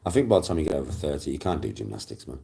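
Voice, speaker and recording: A man's voice: rumbling low, big pitch swings, rapid-fire, gravelly, mellow. A middle-aged man, telling rambling stories in casual, profane chat and repeating himself as he goes.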